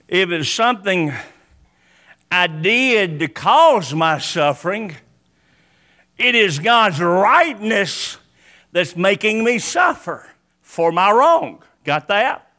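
A man delivers a sermon in a strikingly high voice, and his words come slowly and deliberately. His tone is bright and forceful, and he hammers home his points through repetition. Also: sing-song. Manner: emphatic preaching with repetition. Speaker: pastor.

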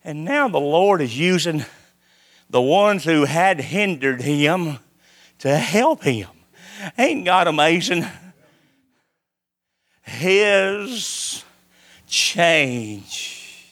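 A man preaching a sermon, swinging between loud calls and hushed lines. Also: fairly high pitch, sing-song, very slow, long pauses.

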